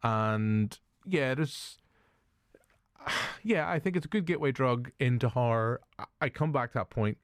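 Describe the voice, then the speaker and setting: A man's voice: mid-range voice, a little slow, clear, resonant tone, no room sound, clean studio sound. A man with a Northern Irish accent hosting a film review podcast, chatting casually, joking, laughing often and swearing. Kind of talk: casual chat.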